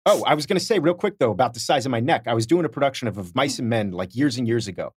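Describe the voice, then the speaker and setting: A husky-voiced middle-aged man in a relaxed podcast chat, spinning embarrassing stories about himself and playing every person in them. His voice sits at an ordinary pitch, close and dry with no room around it. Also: rapid-fire, dry recording. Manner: self-deprecating storyteller, acts out quoted voices. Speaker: podcast co-host. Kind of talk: casual chat, telling anecdotes.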